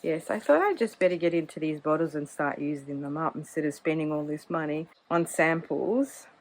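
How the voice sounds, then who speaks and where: A woman's voice: deep voice, moderate pace, slight background noise, poor audio. A woman vlogging about her hobby in a cozy, casual chat, often hedging with "kind of". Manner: chatty, hedging with many "kind of"s. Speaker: fountain pen vlogger.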